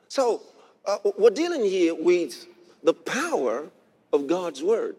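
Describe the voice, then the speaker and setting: Man, pastor, sermon, emphatic, repetitive, high voice, lively intonation, long hall echo. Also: slow, a little hiss or hum. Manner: emphatic, repeats phrases, rises to shouts.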